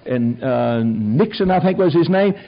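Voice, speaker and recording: An older man preaching a sermon in a fiery, folksy way, rising to shouted peaks. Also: medium pitch, lively intonation, a little slow, vocal fry, muffled recording. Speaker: pastor.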